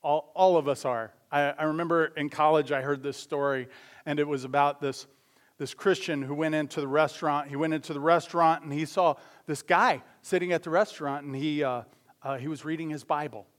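A man preaching a sermon as pastor, talking conversationally with quick asides and self-corrections. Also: a little high, fairly even intonation. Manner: acts out voices in anecdotes.

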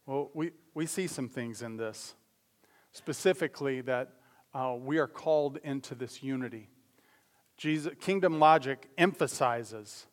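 A man preaching a sermon as pastor, talking conversationally with quick asides and self-corrections. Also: mid-range voice. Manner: acts out voices in anecdotes.

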